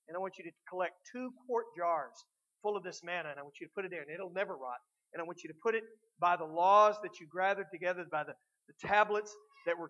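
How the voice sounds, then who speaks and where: High, bright-voiced male preacher. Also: lo-fi sound. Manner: swings between loud emphasis and quiet asides, with many filler words. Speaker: pastor. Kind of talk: sermon.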